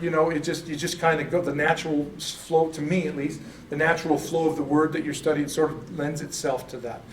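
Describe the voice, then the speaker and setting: Rambling male teacher in an echoey room. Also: on the high side. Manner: rambling, repeats words, frequent "okay?" checks. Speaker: church Bible class teacher. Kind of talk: casual classroom lecture. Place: church classroom. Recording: echoey room, mic far off, faint room noise.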